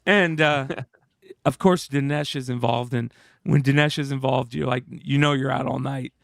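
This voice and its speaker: A man hosting a casual show, telling stories in an animated, swearing, laid-back way. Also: mid-range voice, normal speed, gravelly, no room sound, clean studio sound. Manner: animated, profane storytelling. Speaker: show host. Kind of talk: casual storytelling chat.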